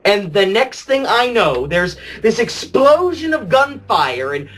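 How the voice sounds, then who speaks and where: A man's voice: sits high, sing-song, slow pace, a bit bright, a little hiss or hum, full character voice, poor audio. A man playing a jaded retired superhero, telling crude stories in a rambling confessional monologue full of fillers. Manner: rambling, crude, laughing, heavy "you know" fillers.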